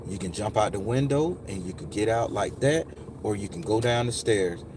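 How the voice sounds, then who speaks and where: A man voicing a gentle, calm woman who guides a frightened child, speaking soothingly. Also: lowish voice, normal speed, noisy background, close to an everyday voice.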